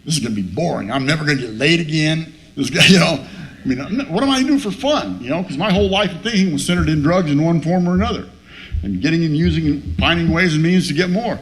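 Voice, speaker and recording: A man's voice: a little high, expressive, fast. Profane, laughing man telling his story. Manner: profane, joking storyteller who laughs at himself. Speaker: recovery meeting speaker. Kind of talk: personal story told to a meeting. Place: meeting room with a live audience. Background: faint room noise and audience laughter.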